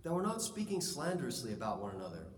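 A man preaching a sermon in a church, lively and conversational, acting out stories. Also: medium pitch, quick pace, slight background noise. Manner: lively, conversational, acts out anecdotes. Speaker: pastor. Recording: echoey hall, distant mic, faint ambience.

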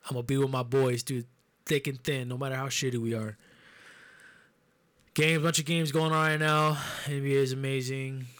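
In casual podcast chat, a man with a medium-pitched, fairly bright voice trades loose, profane banter about sports. He talks at a normal speed with fairly even intonation.

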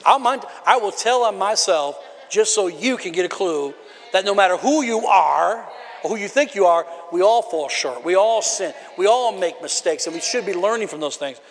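A man pastor preaching a conversational sermon from the platform, building into shouted bursts. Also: high-pitched, animated, normal speed. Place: church sanctuary. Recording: long hall reverb of a church.

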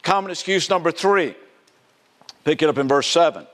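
A man's voice: a little high, normal speed. A man from South Carolina with a Southern American accent, preaching a sermon and asking the audience questions as he goes. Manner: animated, asks the audience questions, acts out quoted voices. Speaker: pastor.

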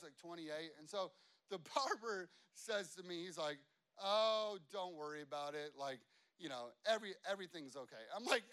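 A man in his thirties tells a long family story to an audience in a rambling, animated way, with many fillers and asides. His voice sits high and comes across clear and smooth.

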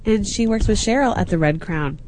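A woman's voice: medium pitch, brisk, a little mellow, rough recording. A woman co-hosting a podcast, chatting and bringing up news from friends. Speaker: podcast co-host. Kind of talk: casual chat.

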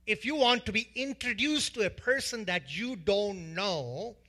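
A man's voice: high-pitched, animated, measured pace, bright, forceful tone. A man preaching a sermon as pastor, emphatic, repeating lists of words and asking the congregation questions.

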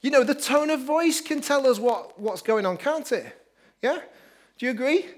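Guy preaching, upbeat and jokey, fairly high voice. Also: expressive, moderate pace. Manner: upbeat, joking with the congregation. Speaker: pastor. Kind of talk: lively sermon.

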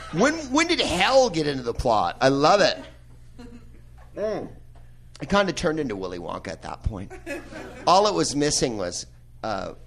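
A man's voice: mid-range voice, background noise. A man hosting a live podcast in a movie theater, riffing on a film with profane, laughing asides. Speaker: podcast host. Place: old movie theater with audience.

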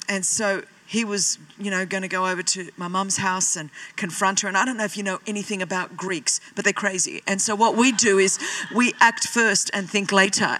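A woman's voice: on the low side, pushed and bright. A woman, preaching a sermon as a pastor and telling her own story with self-deprecating humour. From Australia. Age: 40s.

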